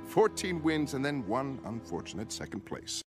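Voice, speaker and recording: A man's voice: medium pitch, sing-song, moderate pace, over music, close to an everyday voice. A man doing a haughty champion show dog. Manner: haughty, condescending, quiet. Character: snobbish cynical male champion show dog.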